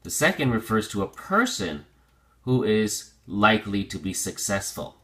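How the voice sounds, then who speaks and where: A man teaching a vocabulary lesson, drilling pronunciation slowly and restating each point in other words. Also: fairly low pitch, sing-song, bright, forceful tone. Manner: slow, deliberate pronunciation drills; explains with repetition and restatement.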